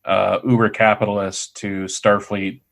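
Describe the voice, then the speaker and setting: A man co-hosting a podcast in casual chat, easygoing and relaxed. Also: lowish voice, measured pace, gravelly. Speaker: podcast co-host.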